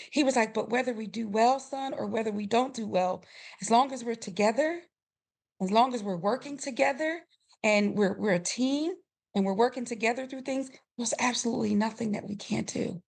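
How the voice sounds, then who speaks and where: A middle-aged woman guest on a podcast, telling a family story with lively quoted voices and frequent laughter. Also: on the high side, normal speed, gravelly. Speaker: podcast guest, grief coach. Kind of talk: storytelling in a conversational interview.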